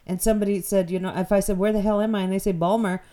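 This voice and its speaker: A woman's voice: mid-range voice, level tone, very fast, dark tone. A woman from New Brunswick, Canada, hosting a radio interview in a chatty, rambling way and laughing easily. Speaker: radio show host.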